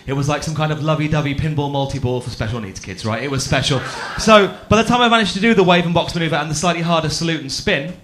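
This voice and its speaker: A man's voice: on the high side, fast, few pauses, fairly bright tone, a little hiss or hum. A young man from Birmingham doing a stand-up set on a festival stage, chatty, camp and self-mocking, teasing the audience. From Birmingham, England. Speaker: stand-up comedian. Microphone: handheld stage mic on a cable.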